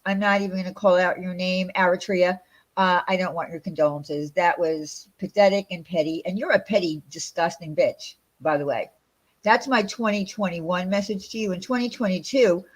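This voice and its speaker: A woman hosting a casual livestream chat, talking in a heated, profane and rambling way. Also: medium pitch. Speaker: channel host.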